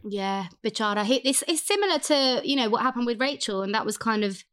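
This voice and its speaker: A woman's voice: a little high, a little fast, a little hiss or hum. Chatty woman. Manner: chatty, animated, lots of quoted voices. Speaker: podcast co-host. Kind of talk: casual chat.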